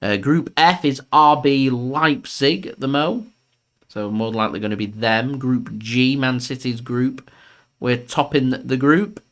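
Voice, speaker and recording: A man's voice: mid-range voice, a little slow, a bit bright. A young man hosting a live football watchalong, chatting casually and joking as he follows the match. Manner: chatty, jokey, laughs often, swears. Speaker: fan channel host doing live match commentary.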